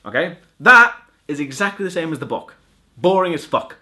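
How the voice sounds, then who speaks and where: A man's voice: fairly high pitch, big pitch swings, normal speed, pushed and bright. A man giving a casual spoken film review, sarcastic and swearing a lot, often stumbling and restarting his sentences.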